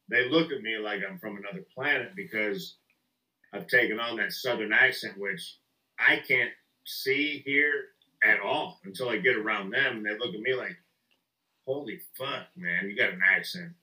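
Middle aged guy from the midwest rambling and cussing on a podcast, bright voice, echoey room. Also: on the low side, animated, moderate pace, far from the mic. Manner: profane, rambling, laughs a lot. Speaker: podcast host. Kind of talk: casual chat.

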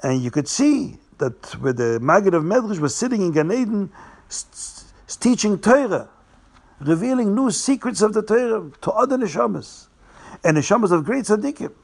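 Male storyteller, slightly higher pitch; repeats and restates, slows for dramatic beats. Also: sing-song, gravelly. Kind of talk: telling a Hasidic tale.

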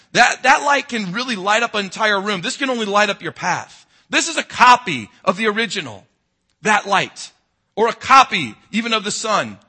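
A male pastor, preaching a sermon that moves between emphatic, loud passages and low, quiet intensity. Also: slightly rough.

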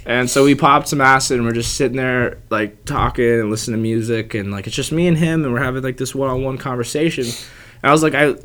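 A man's voice: medium pitch, quick pace, a bit bright. A young man telling a long story in casual chat, laid-back, swearing and filling with "like".

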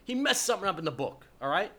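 A man's voice: high voice, quick pace. A man, a podcast co-host telling rowdy stories in casual chat, laughing and swearing often. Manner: laughing, swearing, animated storyteller.

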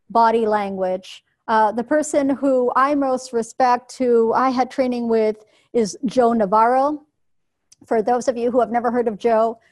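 A woman giving a workshop talk to a live audience in a clear, instructive, measured way. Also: a little high, a little mellow. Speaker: workshop presenter.

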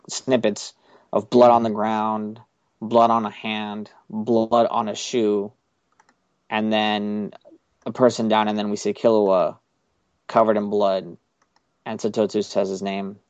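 A young man with a lowish voice hosts a chatty podcast, rambling loosely through a recap and swearing now and then. The sound is dry and a little dull, with no room behind it. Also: no echo. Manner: rambling, loose, swears casually, many fillers. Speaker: podcast host. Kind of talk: casual chat recapping an anime episode.

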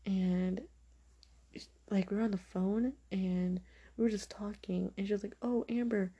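A woman's voice: mid-range voice, steady tone, unhurried, dark tone, breathy edge, highs cut off. A young woman hosting a podcast, speaking frankly and opinionatedly in a casual monologue full of fillers. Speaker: podcast host.

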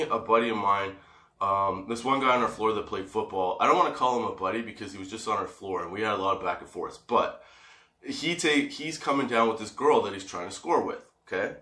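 A man vlogging, telling a personal story in casual, profane, animated talk and laughing often. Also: medium pitch, echoey room.

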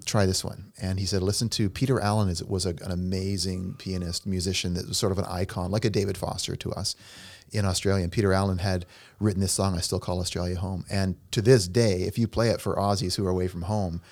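A man's voice: deep voice, level tone, fast talker, darkish tone. A middle-aged man co-hosting a casual podcast, a chatty, jokey storyteller who rambles. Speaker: podcast co-host and pianist. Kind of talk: casual chat.

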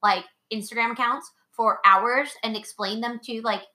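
A woman's voice: a little high, steady tone, normal speed, sharp tone. A woman co-hosting a podcast, chatting casually and a bit self-consciously as a teacher. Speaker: podcast co-host, elementary teacher. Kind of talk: casual chat.

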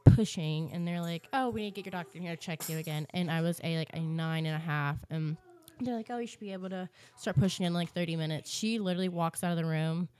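A young woman co-hosting a podcast, chatty and animated as she retells a story with many fillers. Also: fairly low pitch, quick pace, smooth. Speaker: podcast co-host. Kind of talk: casual storytelling chat.

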